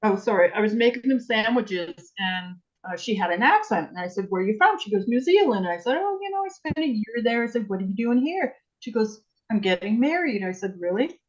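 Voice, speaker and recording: A woman chats on a video call, telling lively stories and acting out the lines of the people in them. Her voice sits in a middle range. The call audio is somewhat dull and muffled. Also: medium pitch, fairly quick, few pauses. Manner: chatty, animated storytelling, acts out quotes. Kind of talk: casual chat.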